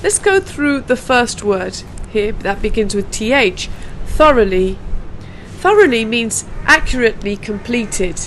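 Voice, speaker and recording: Slow-spoken British woman teaching pronunciation. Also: a little high, big pitch swings, fairly bright tone, a little hiss or hum, low-quality recording. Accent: British English. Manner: slow, carefully drilled pronunciation with repeated sounds. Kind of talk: pronunciation lesson.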